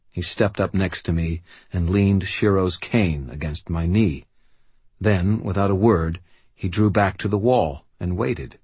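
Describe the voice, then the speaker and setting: Male audiobook narrator, very deep, husky, dry close sound, grim and steady. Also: measured pace, no room sound. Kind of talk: first-person audiobook narration.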